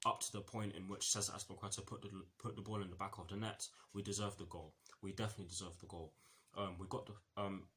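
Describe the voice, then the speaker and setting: A man's voice: on the low side, fairly bright tone, a little hiss or hum. A man giving a casual football match review, rambling with many fillers, false starts and self-corrections.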